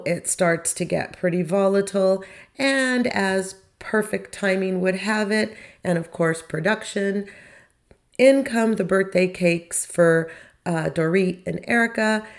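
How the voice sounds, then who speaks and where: A woman's voice: mid-range voice, slow pace. A woman hosting a podcast, recapping a reality show in a casual, opinionated way with wry asides and rhetorical questions. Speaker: podcast host.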